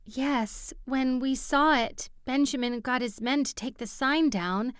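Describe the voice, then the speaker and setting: A woman's voice: sits high, unhurried, clear, resonant tone, dry recording, studio quality, voice pushed up. A woman narrator voicing a shaken, worn-out young woman who speaks frankly, in an audiobook. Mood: tired. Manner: frank, tired. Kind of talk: audiobook character voice.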